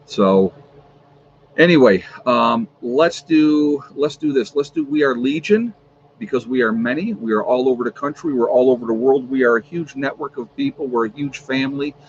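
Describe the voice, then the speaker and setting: A man hosts a relaxed livestream from his home, rambling between shout-outs and reading off a long list of viewers' locations. His voice sits at a middling pitch. The audio is a bit dull, with a faint hiss underneath. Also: moderate pace. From New York. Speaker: livestream host. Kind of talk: casual livestream chat. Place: at home with a fan running.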